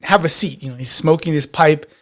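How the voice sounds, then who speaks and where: A man runs a tabletop role-playing session as game master. His voice sits a bit high, and he rambles along with plenty of restarts and fillers. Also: a little fast, a bit bright.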